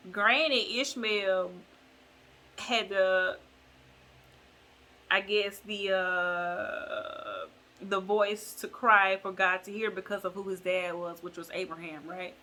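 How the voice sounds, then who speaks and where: A woman's voice: mid-range voice, sharp tone. A woman vlogger retelling a bible story in a chatty, slangy, digressive way.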